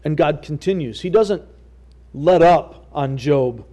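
Male pastor preaching, slow and emphatic, gets the congregation to repeat lines. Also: fairly high pitch, expressive, dark tone. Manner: deliberate, emphatic, leads the congregation in call-and-response. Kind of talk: sermon.

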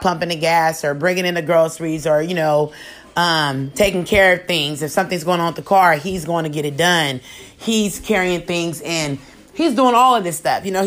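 Frank, slangy woman vlogging. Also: on the low side. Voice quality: frank, expressive, slangy delivery. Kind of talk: candid casual monologue to camera.

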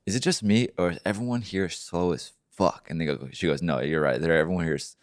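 Young guy co-host, very low voice, dry close sound, casual and crude. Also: brisk, dry recording. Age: young adult. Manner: laid-back, profane, laughs along. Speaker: podcast co-host. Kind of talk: casual chat.

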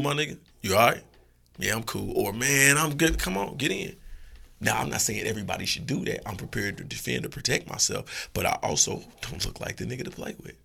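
A man giving blunt, profane, animated opinions as a guest in a casual podcast chat. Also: on the low side, vocal fry, breathy edge.

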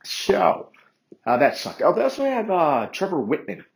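A man's voice: a little high, huge pitch swings, fairly quick, poor audio. Rambling, foul-mouthed man hosting solo. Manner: rambling, profane and self-mocking; chatty, with many fillers and restarts. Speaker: podcast host. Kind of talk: casual solo commentary.

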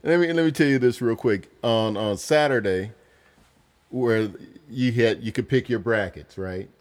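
A man's voice: medium pitch, a little slow. Blunt middle-aged man dismissing a take. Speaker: podcast co-host, father. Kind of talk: casual sports debate.

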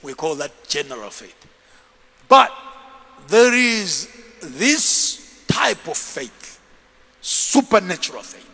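A man preaching a sermon as a bishop, telling stories in an animated way and acting out the scenes. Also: a little high, slow, pauses often, husky, in a large hall.

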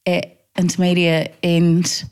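A woman's voice: fairly low pitch, slow pace, smooth. A middle-aged New Zealand woman with a New Zealand accent, candidly telling personal stories in a casual interview, acting out quotes. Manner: candid, animated quoting, laughs often.

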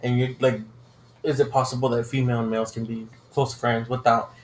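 A man's voice: medium pitch, flat delivery, brisk, a little hiss or hum. Male podcast co-host, profane rambling storyteller, echoey room. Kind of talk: casual chat.

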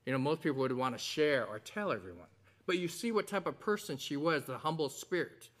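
Man preaching a lively sermon. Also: on the high side, a little fast. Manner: animated preaching with a told joke and acted quotes. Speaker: pastor.

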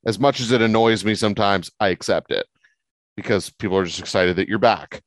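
A man co-hosting a casual wrestling podcast argues his opinions emphatically, his pitch swinging lively. He speaks fairly quickly, with no echo.

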